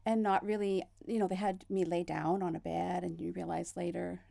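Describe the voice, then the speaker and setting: A woman speaking as a podcast guest, telling her story in relaxed conversation. Her voice carries a gravelly fry, and she laughs between thoughts. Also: on the low side, normal speed. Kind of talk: casual conversation.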